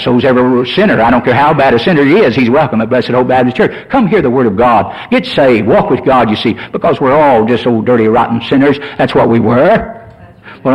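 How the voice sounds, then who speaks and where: A man's voice: mid-range voice, slightly rough, rough recording. A man preaching a folksy sermon as pastor, rising to emphatic points.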